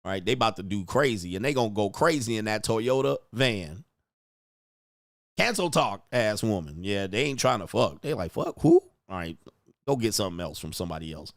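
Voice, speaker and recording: A man's voice: fairly low pitch, very animated, brisk, dry recording, studio quality. A man hosting a livestream, ranting crudely and rambling, constantly saying "all right" between points. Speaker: livestream host. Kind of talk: casual livestream rant.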